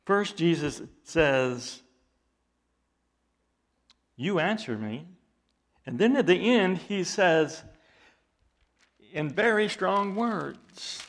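Preaching an expository sermon, a man with a high-sitting voice and lively intonation reads scripture dramatically. He then explains it in a slow, deliberate way, growing more intense as he goes.

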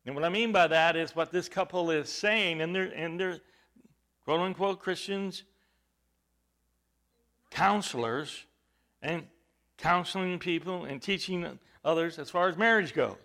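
Guy preaching a sermon, kinda high voice, stumbles on fillers then hits the big points hard. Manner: emphatic, rising to loud stresses, with halting fillers.

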